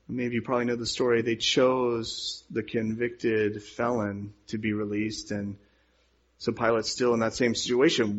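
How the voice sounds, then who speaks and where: A man's voice: mid-range voice, flat delivery, moderate pace. A man preaching a sermon and reading scripture aloud in an earnest manner, his volume rising and falling. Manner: earnest, rises and falls in volume. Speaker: pastor. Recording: dull lo-fi sound.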